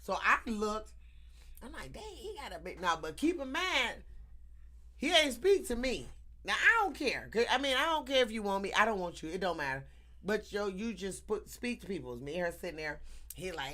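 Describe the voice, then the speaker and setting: A woman telling a story in casual chat, animated and laughing often, acting out the people in it. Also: mid-range voice, normal speed. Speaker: teacher.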